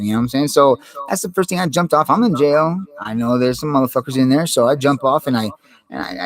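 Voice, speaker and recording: A man's voice: medium pitch, poor audio. A young man recorded on a desktop microphone at home, talking in a rambling, profane, streetwise way and calling the listener "dude.". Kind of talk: casual monologue vlog. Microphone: desktop USB microphone.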